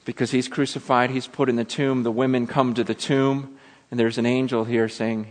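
Animated preacher man in a reverberant hall. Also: medium pitch, normal speed. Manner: animated, dramatizes scripture with acted voices. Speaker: pastor. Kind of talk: sermon.

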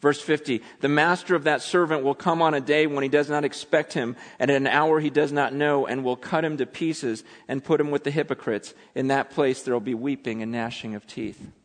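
A man preaching a sermon, acting out quotes with dramatic swings between loud and hushed delivery. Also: mid-range voice, steady tone, fairly quick, hardly any pauses. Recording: long hall reverb.

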